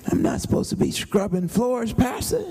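A man's voice: wildly swooping pitch, moderate pace, gravelly, breathy edge, exaggerated voice. A man doing a whiny indignant young guy. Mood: aggrieved complaining. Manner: high, shouting complaints. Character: upset nineteen-year-old young man, whiny and indignant.

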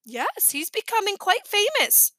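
A woman's voice: extremely high pitch, very animated, measured pace, pushed and bright, dry recording, studio quality, voice pushed up, heavily acted. A woman voicing a poised gallery attendant who speaks politely and with assurance. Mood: assured.

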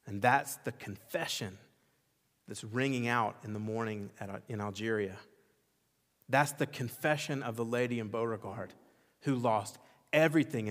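A man's voice: medium pitch, moderate pace. Man preaching in a reverberant church hall. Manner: impassioned preaching with emphatic repetition; swings between loud exclamation and quiet intensity. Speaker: pastor. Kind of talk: sermon. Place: church sanctuary.

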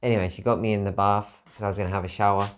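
A man with a fairly low voice speaks alone as a podcast host, tired and unguarded. He rambles reflectively and circles back over the same phrases to press his point home. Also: little pitch movement, racing, a little hiss or hum. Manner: candid, rambling, repeats phrases for emphasis. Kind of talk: reflective solo monologue.

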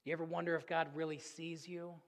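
A man preaching a sermon as pastor, earnest and storytelling, swinging between loud and hushed. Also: on the high side, level tone, a little fast, long reverb tail.

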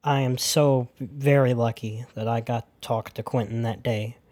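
A man hosting a podcast, reading his narration in a sincere, measured way. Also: mid-range voice, steady tone, a little mellow. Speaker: podcast host.

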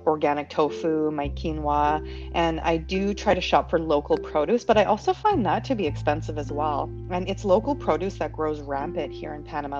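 Canadian woman, casual podcast host, lower voice, lively and frank, slightly muffled recording with faint music. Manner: lively, outspoken, laughs easily.

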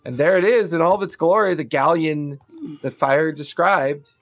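A man's voice: fairly high pitch, moderate pace, fairly bright tone, no echo. A man narrating as game master of a tabletop game, rambling with many fillers and laughing often.

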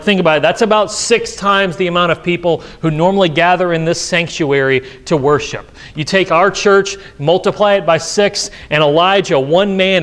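A man's voice: high voice, fairly bright tone. A pastor in a church sanctuary reading scripture aloud and then explaining it with emphasis in his sermon.

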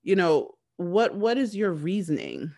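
A woman's voice: fairly low pitch, big pitch swings, unhurried, darkish tone. A woman casually recapping a TV show, rambling with lots of fillers and restarts.

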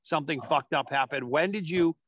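A man's voice: a little high, fairly quick, fairly bright tone, dry recording. A man hosting a casual interview, blunt and swearing casually.

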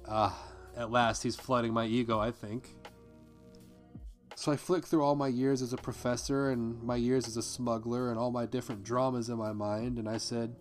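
A man's voice: medium pitch, flat delivery, moderate pace, faint music behind. A man hosting a podcast, reading a memoir aloud in a casual way and breaking off to comment on it. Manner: conversational, breaks off to comment and curse. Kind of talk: casual read-aloud with personal asides.

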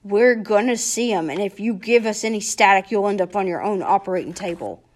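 A woman voicing a tough, brash teenage boy from a gang, talking loud and urgent. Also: mid-range voice, a little fast, lightly acted. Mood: threatening.

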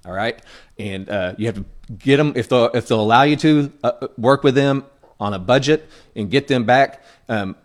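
A man preaching in an earnest, plainspoken way, his voice sitting at an ordinary middle pitch. He talks to the congregation like a conversation, pausing to check in with them as he teaches. His sermon style is relaxed and direct rather than showy. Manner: frequent checking-in asides to the congregation. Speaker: pastor.

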